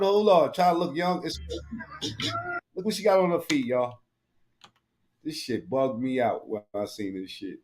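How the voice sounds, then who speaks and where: A man's voice: medium pitch, a little slow, pauses often, darkish tone. A man commentating live on a stream, crude and mocking, rambling in heavy slang with frequent profanity.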